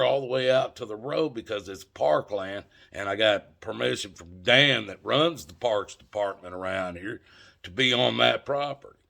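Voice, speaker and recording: Gravelly man telling a story. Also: fairly low pitch, normal speed, bright, forceful tone. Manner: folksy, emphatic, addresses viewers as folks. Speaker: channel host. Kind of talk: casual storytelling.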